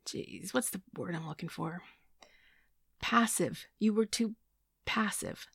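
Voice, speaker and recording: A woman's voice: medium pitch, takes it slowly, vocal fry, a bit bright, slightly rough, no room sound, clean studio sound, heavily acted. Woman reading a blunt, evasive man. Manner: hesitant then frank, matter-of-fact.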